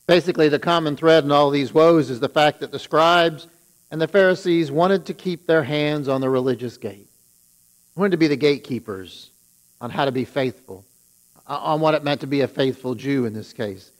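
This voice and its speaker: Man preaching a sermon, slightly high voice. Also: moderate pace, low-quality recording. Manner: paraphrases scripture with rising emphasis on the woes. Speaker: pastor.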